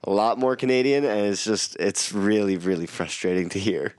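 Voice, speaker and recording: A man's voice: on the low side, moderate pace, darkish tone, no room sound. A man co-hosting a podcast, casually recapping a cartoon episode and joking with friends. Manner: laid-back storytelling with swearing and laughs. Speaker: podcast co-host.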